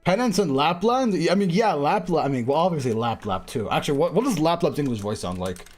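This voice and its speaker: A man's voice: on the high side, animated, a little fast, faint music behind. A man streaming a game, chatting casually in a rambling, distracted way with lots of hesitation. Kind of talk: casual game-reading livestream chat.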